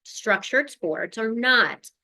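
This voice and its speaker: A woman's voice: fairly high pitch, lively intonation, takes it slowly, pushed and bright. A woman psychologist giving a community presentation, talking in a conversational, earnest way, mixing advice with personal stories and checking in with the audience. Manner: speaks directly to the audience, checking in with "right?" and "okay". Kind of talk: community lunch-and-learn presentation.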